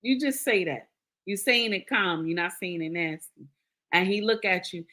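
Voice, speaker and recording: A woman's voice: lowish voice, normal speed, pushed and bright. A woman hosting a live stream, giving casual marriage advice to her viewers. She repeats her points, checks in with "okay?" and calls listeners "baby.". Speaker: live-stream host reading viewer comments.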